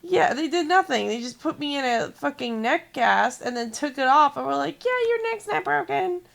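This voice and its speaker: A woman's voice: high-pitched, moderate pace, creaky, a bit bright. A woman streamer venting angrily in casual chat, swearing heavily. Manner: angry, heavy swearing.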